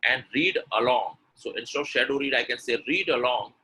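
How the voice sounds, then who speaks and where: Guy teaching pronunciation online, bright tense voice, lots of uh and restarts, slight noise behind. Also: mid-range voice, fairly quick, low-quality recording. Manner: explanatory, repeats example sentences with exaggerated intonation. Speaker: English pronunciation coach.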